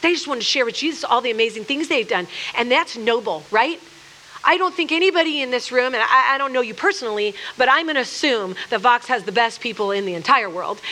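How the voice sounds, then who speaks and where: A woman teaches scripture to a group in a room in an earnest, chatty way. She restarts sentences often and slips into little acted-out quotes. Her voice sits high and sounds bright. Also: slight background noise. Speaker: speaker leading a church workshop. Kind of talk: conversational sermon.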